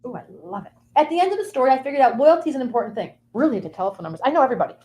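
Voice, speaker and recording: A woman guest rattling off a chatty comic monologue at a quick clip, her voice leaping all over the place. She rambles playfully, tossing in sing-song little asides, and sits a bit high in pitch. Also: very animated, dark tone. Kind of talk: comic monologue in character of a sun sign.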